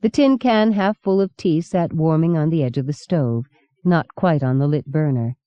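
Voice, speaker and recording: A woman narrating an audiobook in a measured, steady reading. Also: deep voice, no room sound. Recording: dull lo-fi cassette recording.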